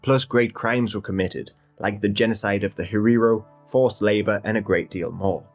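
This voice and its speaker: A man giving a steady, measured scripted narration of a history documentary. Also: fairly low pitch, faint music behind.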